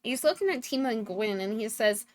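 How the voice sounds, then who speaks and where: A woman's voice: on the high side, expressive, fairly quick. A woman narrating a tabletop role-playing game as dungeon master.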